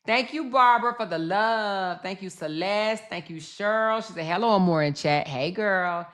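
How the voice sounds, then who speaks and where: Blunt, animated woman streamer. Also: medium pitch, moderate pace. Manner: blunt, profane and animated, thanking viewers and mocking the subject. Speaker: live-stream commentary host. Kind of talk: casual live-stream commentary.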